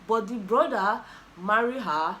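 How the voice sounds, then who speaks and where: A Nigerian woman with a bright, forward voice and a Nigerian accent hosts a casual recap vlog. She tells the story animatedly, exclaiming often and mixing Pidgin into her English. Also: medium pitch, measured pace, slight background noise. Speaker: YouTuber host.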